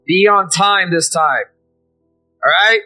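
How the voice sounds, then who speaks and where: A man voicing a gruff, stout middle-aged male gang boss who gives curt orders. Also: high voice, takes it slowly, sharp tone, soft background music, pitched above the performer's own voice, full character voice. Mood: commanding. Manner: curt, commanding.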